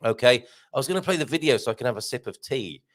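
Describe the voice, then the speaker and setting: A middle-aged man with a slightly croaky throat hosts a live show in casual, jokey chat, reading out viewer comments and chuckling at himself. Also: mid-range voice, expressive, fast talker. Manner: jokey, chatty, self-mocking, frequent chuckles. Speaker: livestream host.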